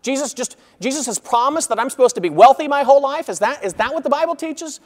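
A man preaching an expository sermon as pastor, earnest, growing loud when reading scripture and quiet on asides. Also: extremely high pitch, expressive, fast, big-room sound.

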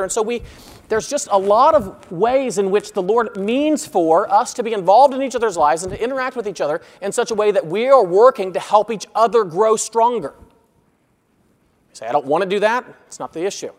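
A man preaching an expository sermon as pastor, earnest, growing loud when reading scripture and quiet on asides. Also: high voice, in a large hall.

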